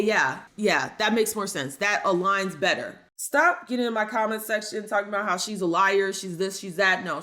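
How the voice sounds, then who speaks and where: Emphatic woman commentator, bright voice. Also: mid-range voice. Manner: emphatic, opinionated, addresses viewers directly. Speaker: commentary channel host. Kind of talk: casual commentary monologue.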